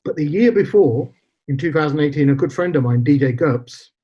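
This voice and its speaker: Husky man in his forties. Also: a little high, brisk, dark tone. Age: 40s. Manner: recounts events with quoted dialogue, slips in Punjabi phrases. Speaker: podcast guest. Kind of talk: emotional personal storytelling. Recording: slightly dull lo-fi podcast audio.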